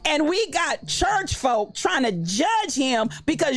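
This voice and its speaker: A woman's voice: high-pitched, sing-song, slow pace, few pauses, faint music behind. A woman hosting a livestream, ranting about church folk in a fired-up, preachy way, repeating her phrases. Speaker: host. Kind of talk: livestream commentary rant.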